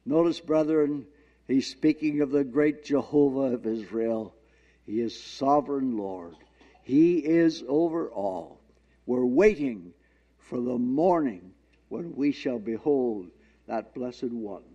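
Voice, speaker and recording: A man preaching a sermon in an earnest, halting way, reading scripture slowly and drawing out the words. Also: medium pitch, dark tone. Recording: dull lo-fi recording.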